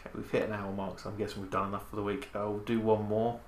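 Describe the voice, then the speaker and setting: A man's voice: fairly low pitch, level tone, quick pace. A man hosting a podcast in casual chat, teasing and dry with crude banter. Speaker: podcast host. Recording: echoey noisy room.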